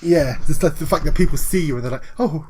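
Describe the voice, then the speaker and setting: A man co-hosting a casual gaming podcast, excitable and swearing freely, acting out scenes with yelps and laughter. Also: on the high side, quick pace, slight background noise. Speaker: podcast co-host.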